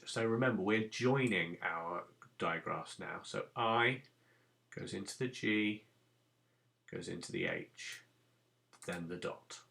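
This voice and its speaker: A man teaches young children phonics in a recorded lesson. His low, gravelly voice moves slowly, rising and falling in a lively, sing-song way as he patiently sounds out each letter. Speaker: primary school teacher.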